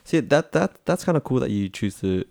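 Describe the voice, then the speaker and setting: An Australian man chatting as a podcast co-host, relaxed and halting, with many fillers. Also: mid-range voice, gravelly, no echo, clean studio sound. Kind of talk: casual chat.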